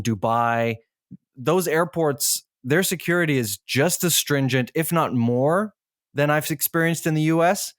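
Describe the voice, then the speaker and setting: A man's voice: mid-range voice, dry recording, clean studio sound. Man telling a rambling travel story. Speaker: podcast co-host. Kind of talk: casual chat.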